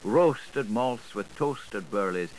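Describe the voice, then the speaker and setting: Man giving a lively, sing-song literary reading. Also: fairly low pitch, slow, a little hiss or hum, poor audio. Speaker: reader.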